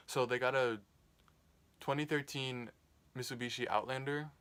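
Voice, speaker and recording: A man's voice: mid-range voice, steady tone, normal speed, long pauses, fairly bright tone, clean tone. A young man casually telling a rambling, profane storytime, full of "like". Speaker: vlogger.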